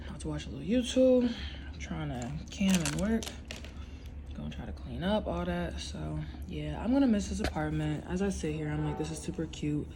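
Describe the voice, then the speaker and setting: A young woman talks straight to her camera at home, rambling and venting in relaxed slang. Her voice has a gravelly, creaky texture. Faint background noise sits under the talk. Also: sits low, normal speed. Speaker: vlogger. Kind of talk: casual vlog chat.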